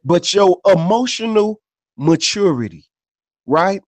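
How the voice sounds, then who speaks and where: This podcast co-host has a somewhat high, expressive, slightly mellow voice and takes his time, spinning stories in street slang, cursing freely and adding filler tags after almost every phrase. The recording is close and dry with no room sound.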